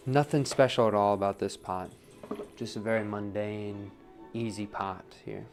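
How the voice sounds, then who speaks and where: A man's voice: on the low side, fairly even intonation, moderate pace, music in the background. A man demonstrating wheel throwing on a livestream, talking casually, counting his pulls aloud and asking "right?" a lot. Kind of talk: live-streamed pottery demo. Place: pottery studio at the wheel.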